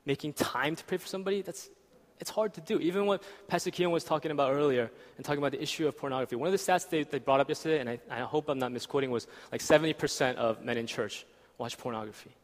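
A man's voice: on the high side, rapid-fire. A young man preaching a sermon in a church, casual and conversational, often asking "right?". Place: church hall. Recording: reverberant church hall.

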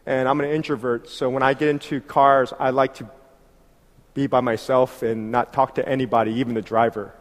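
A man telling a story in a sermon, animated and acting out conversations with laughter. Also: medium pitch, moderate pace. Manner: animated, acts out dialogue with laughs. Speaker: preacher. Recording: long hall reverb.

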